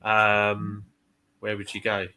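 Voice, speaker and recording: A man hosting a casual live stream, chatty and relaxed with many fillers and restarts. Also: lowish voice, takes it slowly. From United Kingdom. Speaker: host.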